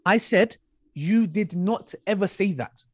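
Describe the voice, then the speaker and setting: A man's voice: sits high, a little slow, breathy edge, no echo. A man debating online, mocking and talking over his opponent, repeating himself to hold the floor. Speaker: online preacher debating an ex-Muslim.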